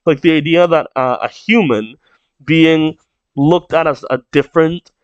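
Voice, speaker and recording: A man's voice: fairly high pitch, unhurried, clear, resonant tone, dry recording, highs cut off. A man reading a comic aloud and reacting, rambling and thinking aloud as he goes. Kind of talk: casual read-along reaction.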